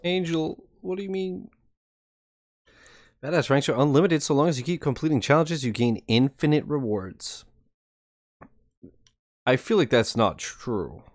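A man casually commentating his gameplay in a chatty, rambling, excitable way. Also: fairly high pitch, measured pace, long pauses, no echo. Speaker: gaming streamer. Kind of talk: casual let's-play commentary.

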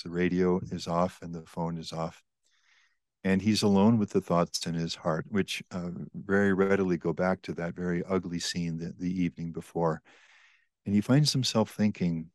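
An older man, a priest and author, explaining spiritual teaching on a podcast in a measured, reflective, earnest way. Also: deep voice, fairly even intonation, darkish tone, no room sound.

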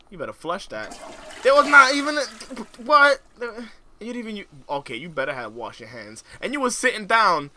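Young male gamer, joking and slangy commentary; lively, bright delivery. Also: high-pitched, normal speed, dry recording. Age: young adult. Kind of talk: let's play commentary.

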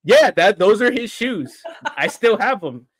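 A man, an interview guest, telling a story in casual chat, animated and laughing often. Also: sits high, measured pace. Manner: animated, acts out quoted voices, laughs often.

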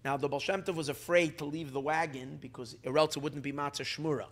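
Halting rabbi telling an old story. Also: male voice, on the high side, fairly even intonation. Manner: halting storyteller, many restarts and fillers, Yiddish words. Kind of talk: storytelling talk. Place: community gathering, evening meal.

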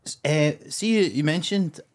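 A man's voice: a little high, moderate pace. A man with a Scottish accent hosting a casual podcast, swearing freely and trailing off mid-thought. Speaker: podcast host.

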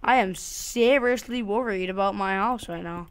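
A woman's voice: mid-range voice, moderate pace, clean tone. A woman giving casual, jumpy commentary while she plays a game, swearing often and talking to herself and to the game. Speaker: let's play host.

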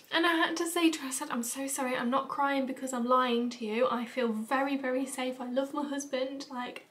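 A woman's voice: high voice, steady tone, brisk, hardly any pauses, fairly bright tone. A young British woman vlogging in a rambling, casual, confessional way, tearful and emotional. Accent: British English. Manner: chatty, rambling with fillers and asides.

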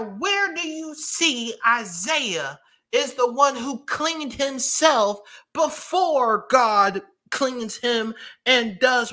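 Slow, bright-voiced male preacher. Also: very high voice. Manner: emphatic, reads scripture aloud and explains it; casual colloquial asides to the congregation. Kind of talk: sermon with scripture reading.

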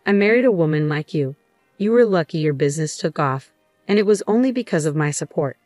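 A woman's voice: low voice, expressive, fairly quick, a little mellow, dry recording, soft background music. A woman voicing a controlling, condescending husband who barks and sneers at his wife. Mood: domineering. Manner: barking, sneering.

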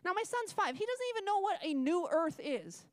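A woman with a high, bright voice delivers a sermon in church, and her telling is lively, with acted-out voices. The sound is dry and close. She comes across as middle-aged. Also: brisk, no room sound. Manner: animated storytelling, acting out voices. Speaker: preacher.

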